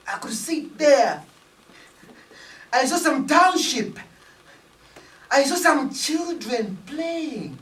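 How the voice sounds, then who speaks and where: A woman telling a dramatic story in spoken-word style, with rhythmic, repetitive phrasing and loud outbursts. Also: high voice, sing-song, takes it slowly, long pauses. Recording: roomy, distant, faint ambience.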